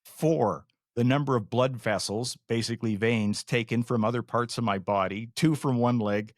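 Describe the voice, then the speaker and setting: Older Canadian man, halting co-host. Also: mid-range voice, no echo, clean studio sound. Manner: halting, with many restarts and fillers, good-humoured. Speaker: podcast co-host. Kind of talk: casual chat.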